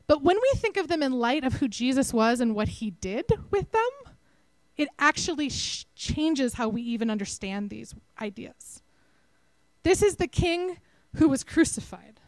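A woman with a Texan accent giving a conversational, animated sermon to her church. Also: high-pitched, dry recording, rough recording. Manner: conversational, animated, self-deprecating. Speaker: preacher.

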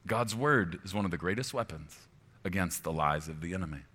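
A man preaching a sermon as pastor, moving from quiet, reflective stretches to loud, high-pitched exhortation. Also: animated, a little fast, slightly rough. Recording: long hall reverb.

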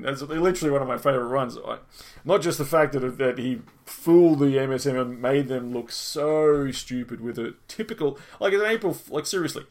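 A man's voice: medium pitch, creaky. A man hosting a podcast, reading an article aloud and then chatting enthusiastically with lots of fillers. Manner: enthusiastic, loose and rambling, with frequent fillers. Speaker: podcast host.

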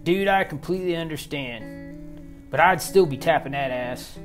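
A man's voice: fairly high pitch, normal speed, faint music behind, lightly acted. A man voicing a crass, wisecracking male friend who teases and eggs his buddy on, in an audiobook. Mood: teasing. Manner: crass, teasing, egging on.

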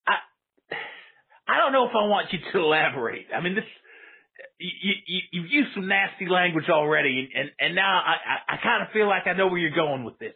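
A man's voice: high voice, lively intonation, brisk, slightly rough. A man hosting a comedic call-in show, flustered and stammering as he pleads with a caller. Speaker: radio call-in host. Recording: phone-like narrow sound.

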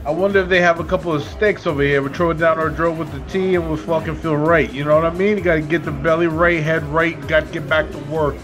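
Comedy bit: a man playing a blustering foul-mouthed tough guy, fast and pushy, slightly high voice. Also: steady tone, music in the background, natural voice. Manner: gruff, swearing, rapid. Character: rough foul-mouthed man ordering tea in a bar.

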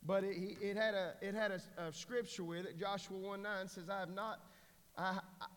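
A man in his forties preaches to his congregation in a plain, earnest, down-home way, often restarting his sentences. His voice sits high for a man, and it carries through a church hall with a long, lingering echo. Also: steady tone, normal speed, fairly bright tone, a little hiss or hum. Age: 40s. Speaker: pastor. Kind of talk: sermon. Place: church sanctuary.

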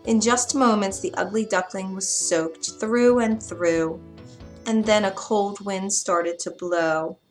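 Woman storyteller, children's story, gentle, expressive, soft music behind. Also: medium pitch, slow.

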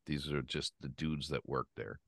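A man's voice: rumbling low, moderate pace, dry recording. A man hosting a podcast, telling a rambling, profane story in casual chat. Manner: profane, rambling, animated retelling. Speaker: podcast host.

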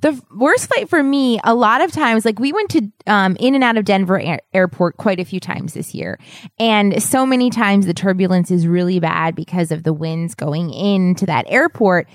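A woman's voice: mid-range voice, expressive, normal speed, dry recording, clean studio sound. Upbeat woman sharing travel stories. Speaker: travel podcast co-host. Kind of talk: casual conversational recap.

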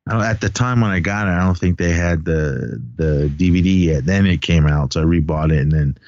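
A man's voice: low voice, brisk, darkish tone, dry recording, lo-fi sound. A man co-hosting a movie podcast, talking casually and rambling with lots of fillers and laughs. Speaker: podcast co-host.

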